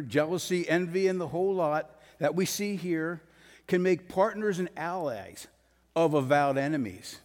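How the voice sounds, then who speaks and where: A man preaching a sermon verse by verse, blunt and emphatic, pushing his voice up to forceful peaks. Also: on the high side. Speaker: pastor. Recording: long hall reverb.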